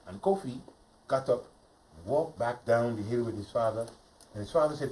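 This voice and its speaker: A man telling a folk tale in a live performance for a studio audience, animated and playful, often speaking straight to the crowd. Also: mid-range voice, moderate pace, slight background noise. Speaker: storyteller. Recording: voice from a distance, faint ambience.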